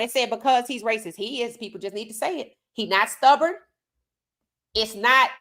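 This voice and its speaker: A woman's voice: a little high, a bit bright. Outspoken woman sports podcast host. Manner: outspoken, reads chat comments aloud. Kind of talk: casual live-stream commentary.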